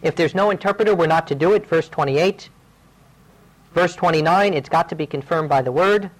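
A man's voice: on the high side, brisk, poor audio. Earnest storytelling male preacher. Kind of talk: sermon with personal stories.

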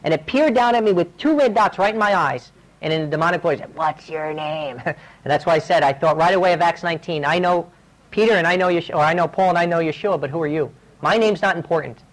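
A man's voice: a little high, fast, poor audio. Earnest storytelling male preacher. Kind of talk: sermon with personal stories.

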